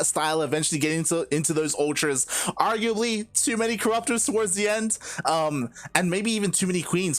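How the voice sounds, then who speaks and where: A man's voice: a little high, fairly bright tone. A man giving analytical color commentary on a strategy game and summing up the game once it ends. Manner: analytical, sums up each game. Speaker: esports co-caster.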